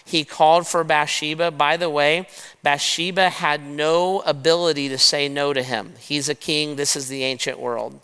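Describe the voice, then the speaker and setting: A man preaching a sermon, retelling a scripture story in a lively way and talking straight to his listeners as "guys". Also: a little high, normal speed, clear, resonant tone. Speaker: pastor. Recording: long reverb of a large hall.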